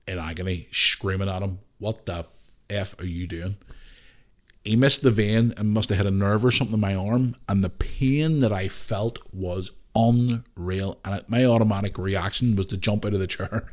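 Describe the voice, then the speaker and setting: A man in his thirties with a Northern Irish accent, telling stories animatedly on his podcast. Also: lowish voice. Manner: animated storyteller, swears mildly, acts out voices in anecdotes. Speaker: podcast host. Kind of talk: casual storytelling monologue.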